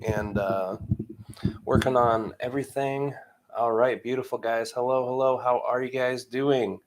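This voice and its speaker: A man in his thirties from Michigan hosting a casual live stream, chatting and greeting viewers by name in an upbeat way. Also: mid-range voice.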